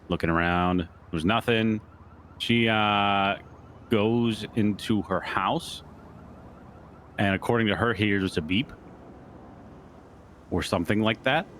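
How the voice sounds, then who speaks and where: A man's voice: fairly low pitch, a bit bright, slight background noise. A man in a roleplay game, recounting events in a rambling way full of fillers. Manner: rambling, lots of likes and uhs. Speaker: roleplay player.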